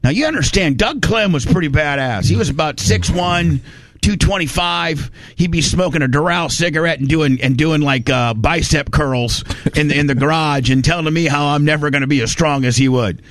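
A man's voice: on the high side, moderate pace, a bit bright, no room sound. Folksy rambling storyteller man. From Indiana. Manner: rambling, folksy, restarts often. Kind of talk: casual storytelling.

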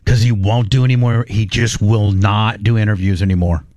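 A man's voice: fairly low pitch, steady tone, moderate pace, darkish tone. A middle-aged man hosting a radio show, chatting casually about sports and often restarting his sentences. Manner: rambling, frequent restarts.

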